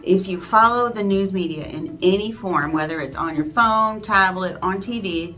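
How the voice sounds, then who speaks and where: A woman's voice: fairly low pitch, fairly bright tone. A woman, a real estate agent talking through casual advice for newcomers in a friendly, chatty way with self-deprecating asides. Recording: faint background music.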